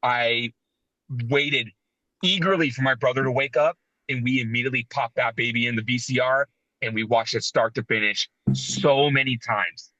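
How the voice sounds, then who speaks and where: A man in his thirties co-hosting a casual wrestling podcast, telling animated, sentimental stories. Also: mid-range voice, normal speed, dry recording, muffled recording. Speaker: podcast co-host.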